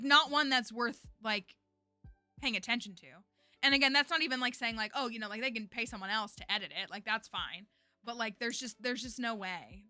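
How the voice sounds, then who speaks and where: A woman's voice: fairly high pitch, sharp tone. A woman streaming a game, chatting casually and rambling with lots of fillers, ranting at times. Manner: exasperated ranting. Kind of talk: casual gameplay stream chat.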